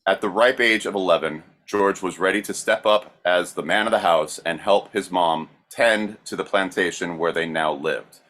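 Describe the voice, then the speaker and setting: Low-voiced male podcast co-host, plain and casual storyteller. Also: moderate pace, fairly bright tone. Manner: plain, with frequent fillers.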